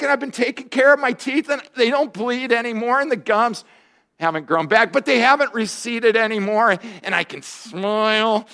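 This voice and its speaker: A man in his fifties delivers a sermon in a notably high voice. He tells stories from his own life with humor, and his voice jumps up and gets louder whenever he acts out a quoted line. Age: 50s. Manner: storytelling with humor, voice jumping high and loud in quoted lines. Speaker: pastor.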